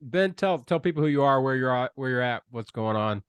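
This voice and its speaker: A man hosting a casual podcast over a video call. He is upbeat, asks his guests questions and laughs along. His voice is mid-pitched and dry, with no echo. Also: animated, brisk, clean tone. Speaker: podcast host.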